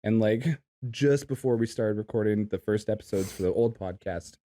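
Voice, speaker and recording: A man's voice: fairly low pitch, normal speed, warm tone. A man co-hosting a casual podcast outdoors in a park, laughing often and jumping into silly bits. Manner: giggly, laughs often, jumps into silly voices. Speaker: podcast co-host. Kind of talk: casual chat.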